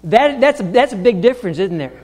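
A man preaching a sermon as pastor, talking haltingly with many restarts and fillers and pressing his points home with insistence. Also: sits high, animated, a little mellow, in a large hall. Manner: grows emphatic and insistent. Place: church sanctuary.

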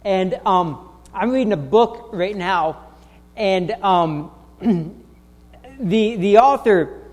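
A male pastor with a high voice preaches in a church, his words ringing with a long hall reverb. He speaks haltingly, restarting phrases and filling gaps with "uh" and "um". He presses his points with growing insistence. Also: a little mellow. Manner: halting, with many restarts and fillers; grows emphatic and insistent. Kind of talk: sermon. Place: church sanctuary.

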